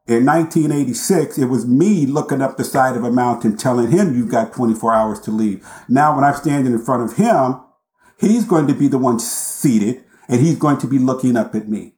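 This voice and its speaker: A man recounting a personal story as a guest in an interview, speaking with intense, deliberate emphasis and dramatic pauses. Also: medium pitch, warm tone. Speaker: podcast guest. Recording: roomy echo.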